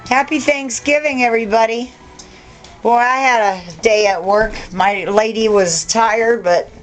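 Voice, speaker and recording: An older woman at home filming a casual video, chatting to the camera and calling to her dogs in a high sing-song voice. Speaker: dog owner filming her pets. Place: home, indoors.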